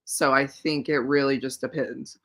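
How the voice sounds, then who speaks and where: A woman's voice: very deep voice, fairly even intonation, moderate pace, fairly bright tone. A woman hosting a casual livestream, rambling and thinking aloud with lots of fillers as she answers viewers. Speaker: livestream host reading viewer comments.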